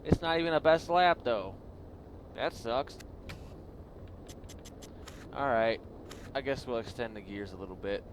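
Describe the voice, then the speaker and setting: A man's voice: medium pitch, measured pace, pauses often, background noise. A man hosting a gaming channel, giving casual, rambling gameplay commentary and laughing a lot.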